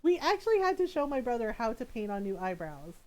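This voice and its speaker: A woman's voice: fairly high pitch, quick pace, rough recording. A woman streamer in casual chat, telling a story with frequent laughter. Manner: animated storytelling, laughs often.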